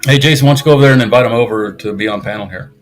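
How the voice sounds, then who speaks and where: A man's voice: on the low side, rapid-fire, soft background music. A man chatting casually on a live stream in a rambling, sarcastic and self-mocking way.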